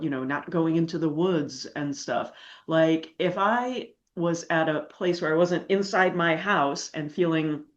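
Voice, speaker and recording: A woman's voice: low-pitched, highs cut off. A woman hosting a podcast, chatting casually and reacting with easy amusement. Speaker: podcast host. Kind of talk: casual interview chat.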